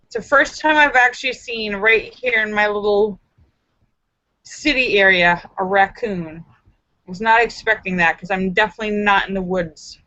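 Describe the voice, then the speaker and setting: A woman's voice: medium pitch, moderate pace, sharp tone, no room sound, lo-fi sound. A woman hosting a casual live stream from home, greeting viewers by name and telling a story with squeals and exclamations. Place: home in the city.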